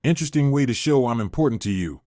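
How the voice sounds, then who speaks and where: A man's voice: medium pitch, lively intonation, fast, dark tone, no room sound, studio quality, natural voice. A man voicing a betrayed young woman who speaks firmly and coldly. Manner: firm, cold.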